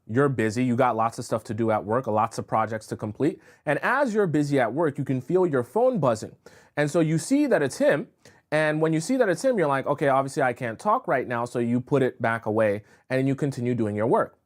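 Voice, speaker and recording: A man's voice: mid-range voice, sing-song, normal speed. A man coaching women on dating in a casual live stream, speaking frankly, reading viewer comments aloud and peppering his talk with "uh" and "right?". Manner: chatty, reads and answers viewer comments aloud; frank, repeats phrases and fills with "uh" and "right?".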